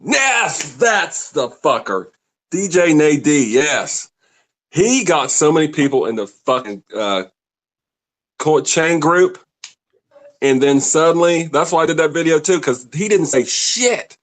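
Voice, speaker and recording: A man's voice: fairly high pitch, lively intonation, takes it slowly, fairly bright tone. A man co-hosting a casual crypto chat, laid-back, laughing often and swearing freely. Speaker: podcast co-host.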